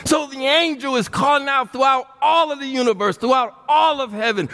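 A male pastor preaching an impassioned sermon, swinging from quiet to loud and repeating phrases for emphasis. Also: extremely high pitch, brisk, few pauses. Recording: long reverb of a large hall.

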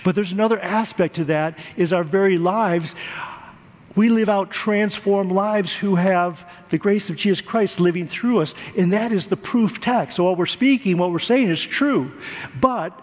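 A man's voice: sits high, unhurried, big-room sound. A man preaching a sermon, earnest, repeating words for emphasis. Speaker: pastor.

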